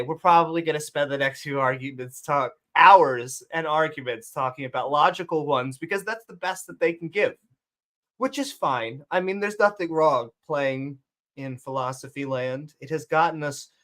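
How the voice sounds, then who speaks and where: A woman hosting a live online call show, reading shout-outs to supporters and dropping sarcastic jokes in a sing-song voice. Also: deep voice. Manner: joking, sarcastic asides, sing-song bursts. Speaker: show host.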